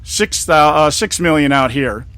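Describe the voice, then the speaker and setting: A man's voice: a little high, measured pace, no echo. A man in casual political chat, animatedly telling stories and acting out the conversations he quotes, often laughing at his own jokes. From California. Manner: animated storytelling, acts out quoted exchanges.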